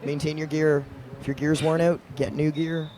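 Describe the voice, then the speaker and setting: A man's voice: fairly high pitch, flat delivery, normal speed, noisy background. A man doing live roller derby commentary, casual and informative about the play. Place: indoor arena.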